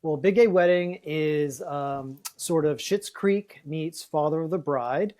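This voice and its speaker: Male author guest, higher-pitched, casual and rambling. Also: takes it slowly, a little mellow. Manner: chatty, many fillers and restarts. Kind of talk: casual interview talk.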